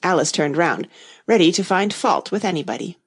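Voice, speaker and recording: A woman reading a children's storybook aloud in a gentle, measured way. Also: fairly low pitch, animated, breathy edge. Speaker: narrator.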